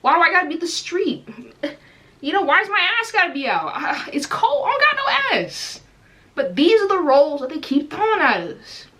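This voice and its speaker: A young woman from the United States talks through a casual reaction commentary in a high, lively voice. She fires off rhetorical questions and swings her pitch widely as she goes. Her tone is bright and forward. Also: brisk. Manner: animated, rhetorical questions, frequent laughter.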